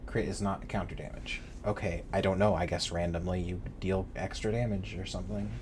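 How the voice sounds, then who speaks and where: A man's voice: sits low, fairly even intonation, a little fast, background noise. A man from the United States casually commenting on a game he plays, joking and swearing. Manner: joking, swearing, talks to chat. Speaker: game streamer.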